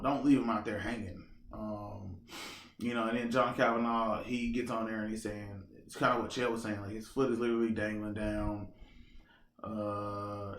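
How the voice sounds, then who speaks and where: A man hosting a casual solo podcast, talking in an animated, repetitive, slangy way and often checking in with the listener. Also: medium pitch, reverberant. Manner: animated, repetitive, slangy, keeps asking "you know what I'm saying". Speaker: podcast host.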